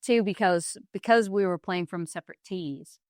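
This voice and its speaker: A woman's voice: lowish voice, moderate pace, no room sound, studio quality. A woman hosting a podcast, telling stories in casual chat. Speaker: podcast host.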